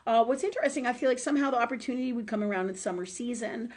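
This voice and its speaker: A woman's voice: a little high, rapid-fire. A woman hosting a live-stream show and giving psychic readings, talking in a loose, chatty way with fillers and tag questions and the odd curse word. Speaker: host and psychic reader.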